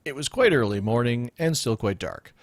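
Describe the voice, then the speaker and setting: A man's voice: mid-range voice, lively intonation, normal speed, dry recording. A man hosting a casual radio show, joking and laughing often with rambling asides. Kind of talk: casual comedic podcast chat.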